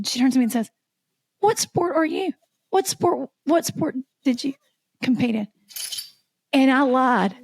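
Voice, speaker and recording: A woman, co-hosting a podcast and telling lively stories in casual chat. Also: medium pitch, dry recording, studio quality. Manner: animated storyteller, acts out voices. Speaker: podcast co-host.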